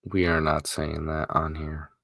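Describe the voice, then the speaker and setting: A man with a very low voice trading dry, teasing banter on a podcast. He sounds close to the mic, with a dry sound and no echo. His delivery stays flat and matter-of-fact. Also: a little slow, gravelly. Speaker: podcast co-host. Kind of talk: casual chat.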